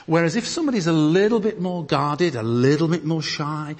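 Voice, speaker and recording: A man from northern England preaching and leading group discussion in a church hall, lively and emphatic as he reads scripture. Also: on the high side, a little fast. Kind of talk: teaching sermon with group discussion. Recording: long hall reverb.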